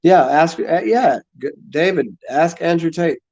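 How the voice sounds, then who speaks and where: A man chatting casually to his viewers, halting and repeating words, often restarting his sentences and swearing now and then. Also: a little high, darkish tone. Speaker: streamer answering chat. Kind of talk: casual rambling chat. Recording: dull lo-fi sound.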